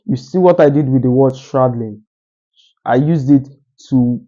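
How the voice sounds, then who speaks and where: A man talking straight to the camera with deliberate pauses, teaching how to speak more articulately. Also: medium pitch, warm tone, dull audio. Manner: deliberate, uses pauses for emphasis. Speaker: communication coach. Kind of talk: solo talking-head advice.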